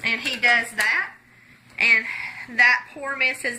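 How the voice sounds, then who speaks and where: A woman walks viewers through a paper-folding gospel trick while telling a story in a chatty, folksy way. Her voice is sharp and bright and slightly high, and faint noise sits under it. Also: steady tone, slow pace, low-quality recording. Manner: folksy, chatty, many "okay"s. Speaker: gospel magic presenter. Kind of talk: storytelling tutorial.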